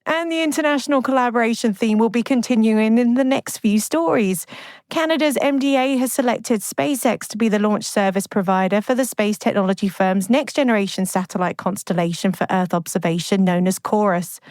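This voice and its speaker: A woman co-hosting a space news podcast, reading scripted news in a steady, even delivery. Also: a little high, fairly quick, no echo. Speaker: podcast co-host.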